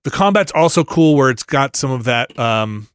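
A man's voice: medium pitch, lively intonation, moderate pace, a bit bright, clear, resonant tone, no room sound, studio quality. A middle-aged man co-hosting a podcast, chatting casually about video games and rambling through restarts and fillers. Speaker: podcast co-host.

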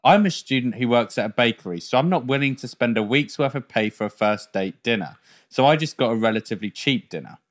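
A man's voice: medium pitch, expressive, quick pace. A young man hosting a podcast, chatting casually and reading out audience stories, teasing and laughing often. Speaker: podcast host.

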